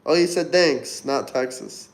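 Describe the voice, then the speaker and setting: A man hosting a casual livestream, reading viewer comments aloud and giving upbeat, chatty shout-outs. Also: mid-range voice, a little slow. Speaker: livestream host. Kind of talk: casual live-stream chat reading comments.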